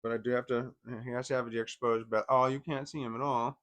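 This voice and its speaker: A man's voice: medium pitch, little pitch movement, quick pace. A man talking casually in a vlog, hesitant and full of restarts. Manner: hesitant, repeats words and restarts often; coos softly at his dog. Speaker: vlogger.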